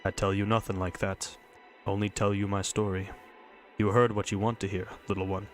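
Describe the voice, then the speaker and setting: A man reading a visual novel, voicing a gruff old drunk who speaks in clipped broken English and keeps calling her little one. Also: fairly low pitch, little pitch movement, normal speed, soft background music, close to an everyday voice. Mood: calm.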